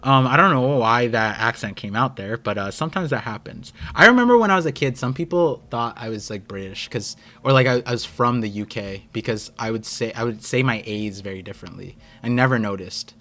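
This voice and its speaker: A young American man hosting a live stream, chatting casually and excitedly with his viewers. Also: mid-range voice, brisk, hardly any pauses. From United States. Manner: rambling, excitable, talks to chat. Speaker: streamer host.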